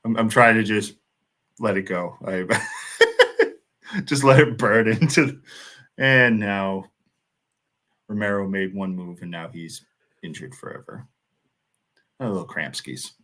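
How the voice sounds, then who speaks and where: American man, very low voice, casual watchalong banter, frequent laughs. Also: unhurried, pauses often, a bit bright. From United States. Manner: laughs often, loose rambling banter. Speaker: watchalong co-host. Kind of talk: casual match commentary chat.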